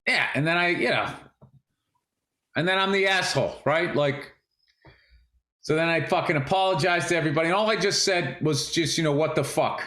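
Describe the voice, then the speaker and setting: Podcast co-host, male, high bright voice, profane jokey banter in a roomy space. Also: fairly quick, pauses often. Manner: profane, joking, ribbing his co-host. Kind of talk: casual comedic chat.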